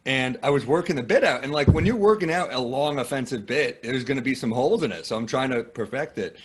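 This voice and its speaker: A man's voice: mid-range voice, fast, breathy edge. A man from the United States with an American accent, a comedian guesting on a podcast and telling self-deprecating anecdotes. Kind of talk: casual interview chat.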